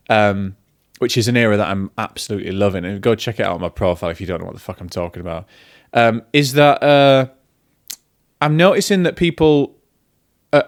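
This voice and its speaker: Rambling film vlogger, man. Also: mid-range voice. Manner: rambling and self-deprecating, goes on tangents. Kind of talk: casual chat.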